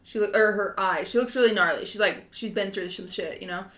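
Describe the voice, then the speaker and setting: Young woman in her 20s, bright voice, rambling animated story, lots of um and like, kinda echoey room. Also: mid-range voice, brisk. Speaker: podcast co-host. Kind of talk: casual chat.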